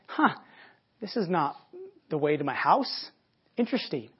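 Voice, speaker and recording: A man playing a soft-spoken, musing old rabbi. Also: high-pitched, fast talker, slightly rough, dull audio. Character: calm thoughtful old male rabbi.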